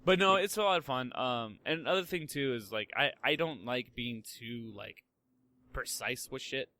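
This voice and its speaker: Young man, podcast host, bright forceful voice, casual rambling chat, swears freely. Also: medium pitch, normal speed. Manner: rambling, swears freely, lots of fillers and restarts.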